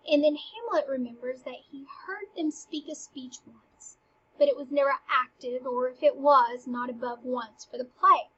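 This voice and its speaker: High husky-voiced woman explaining a play. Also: normal speed, fairly bright tone, muffled recording. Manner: chatty and eager, retells lines with "he's like". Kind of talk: casual scene-by-scene explanation.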